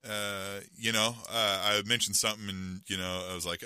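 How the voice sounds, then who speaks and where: A man's voice: on the low side, level tone, fast talker, pushed and bright, clear, resonant tone, no echo. A middle-aged man co-hosting a podcast, telling a rambling, self-mocking story in casual chat with lots of fillers. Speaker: podcast co-host.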